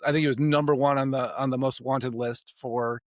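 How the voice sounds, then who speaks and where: A man's voice: mid-range voice, steady tone, brisk, no echo. Give me a reflective man on a podcast, rambling, in a dry room. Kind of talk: casual conversation.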